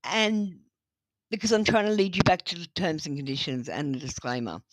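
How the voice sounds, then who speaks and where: A woman's voice: lowish voice, moderate pace, background noise. A middle-aged woman with an Australian accent doing a live tarot reading, blunt, motherly and swearing freely. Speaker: tarot reader.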